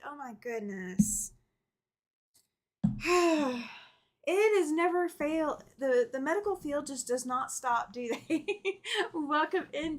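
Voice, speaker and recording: A middle-aged woman hosting a casual quilting livestream, chatting, reading viewer comments aloud and laughing often. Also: sits high. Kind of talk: casual live chat while sewing.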